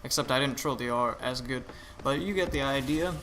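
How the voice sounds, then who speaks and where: A man's voice: mid-range voice, brisk, sharp tone. A tired man giving laid-back, rambling commentary over gameplay, with many restarts and fillers. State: tired, yawning. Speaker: gaming channel host. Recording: noisy home recording with clicks.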